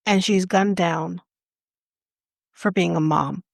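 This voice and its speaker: A woman's voice: on the low side, fairly even intonation, slow, vocal fry, no echo, clean studio sound. A Canadian woman co-hosting a podcast, retelling a story in casual chat in an indignant, impassioned and blunt way. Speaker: podcast co-host.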